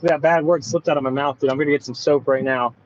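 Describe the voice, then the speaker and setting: A man rambles and swears excitably in a casual voice chat, talking from inside a moving car. His voice sits a little high, and the sound is muffled and lo-fi. A faint hiss runs underneath. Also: fast. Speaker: voice chat participant.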